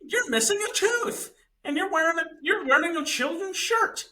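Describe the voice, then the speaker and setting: A young man co-hosting a podcast, telling stories in a casual, animated way with comic exaggeration. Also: very high voice, moderate pace. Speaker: podcast co-host. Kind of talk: casual chat.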